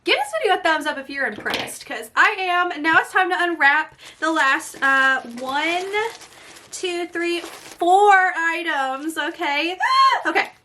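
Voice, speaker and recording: Woman beauty vlogger, high bright voice, gushing and excitable, casual unboxing talk. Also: takes it slowly. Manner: gushing, excitable, often breaks into soft exclamations.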